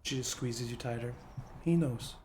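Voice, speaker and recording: A man narrates a tabletop role-playing game as its game master, with a medium-pitched voice. His delivery is lively and easygoing, and a faint hiss sits behind him. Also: normal speed.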